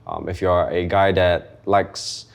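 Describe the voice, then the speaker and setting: Young man from Singapore, low voice, relaxed interview guest. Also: slow, clean tone. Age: young adult. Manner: relaxed, hesitant, with many fillers. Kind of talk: casual interview chat.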